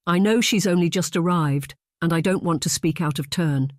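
A narrator voicing a worried, deferential household maid who speaks in a hushed, hesitant way. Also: female voice, lowish voice, normal speed, no echo, studio quality, lightly acted.

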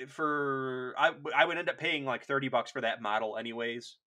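Man, podcast co-host, casual chat, rambling, jokey, bright forceful voice. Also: medium pitch, normal speed. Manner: rambling, hesitant restarts, jokey.

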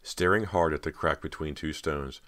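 A man reading a horror audiobook in a steady, dramatic way. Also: a bass voice, moderate pace. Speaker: audiobook narrator. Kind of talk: scripted narration of a horror novel.

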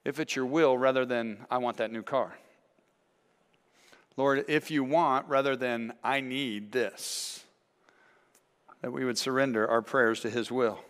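A man's voice: mid-range voice, steady tone, measured pace, pauses often, a bit bright. A man preaching a sermon as pastor, earnest and acting out voices from the stories he tells. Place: church sanctuary. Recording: long church reverb.

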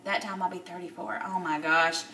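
Woman in her thirties, tearful video diary, halting, lots of fillers; roomy echo, mic set back. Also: fairly low pitch, steady tone, far from the mic, noisy background. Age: 30s. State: upset, near tears. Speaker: vlogger.

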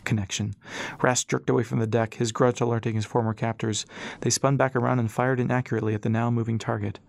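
A man reading an audiobook as narrator, in a steady storytelling manner. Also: medium pitch, quick pace, vocal fry, dry recording.

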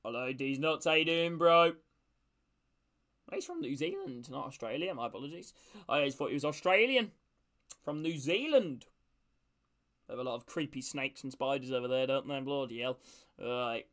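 A man streaming a live watch-along, calling the match play by play and greeting viewers from chat, with bursts of excitement at chances. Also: medium pitch, normal speed, long pauses. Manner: calls passes by name and greets chat viewers.

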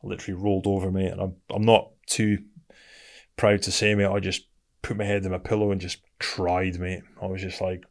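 A middle-aged man with a British accent speaks in a low, gravelly voice. He tells his story bluntly and casually, like a chat with a friend, and keeps calling the listener "mate". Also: level tone, a little fast. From Britain. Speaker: guest, military veteran.

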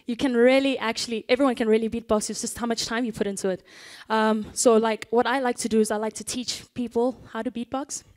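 A woman's voice: fairly high pitch, fairly even intonation, fairly quick, hardly any pauses, a little mellow. A woman beatboxer leading a playful call-and-response demo before a conference audience, laughing often. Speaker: beatboxer performing on stage.

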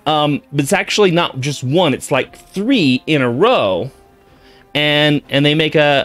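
A man spins a long, meandering joke, stumbling over his words and breaking off to restart. His pitch swings widely as he goes, and faint music sits behind him. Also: lively intonation, unhurried, fairly bright tone. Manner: digressive, stammering, self-interrupting. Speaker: comedian telling a shaggy-dog joke. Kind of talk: rambling comic storytelling.

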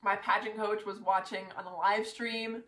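A woman excitedly retelling her pageant win to camera, talking in a breathless rush full of "like" fillers. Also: medium pitch, moderate pace. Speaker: pageant titleholder. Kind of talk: casual storytelling to camera. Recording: roomy echo.

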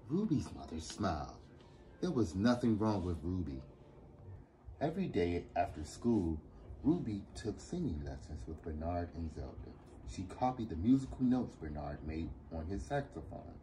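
A man reading a picture book aloud for children in an expressive, animated way. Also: low-pitched, normal speed, a little hiss or hum. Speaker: storyteller for an after-school program.

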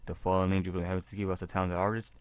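A man reading a visual novel aloud in a casual, halting way with jokey asides. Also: sits low, level tone, clear, resonant tone, no room sound. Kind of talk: casual game reading with commentary.

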